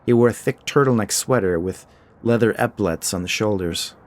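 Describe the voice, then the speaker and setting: Man with a low voice narrating a story. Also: brisk.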